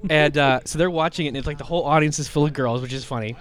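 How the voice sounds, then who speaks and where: Man, slight cold, a bit high-pitched, rambling casual podcast chat, lots of fillers. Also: rapid-fire. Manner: rambling, many fillers and restarts. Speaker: comic book podcast co-host. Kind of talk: casual chat, retelling a comic.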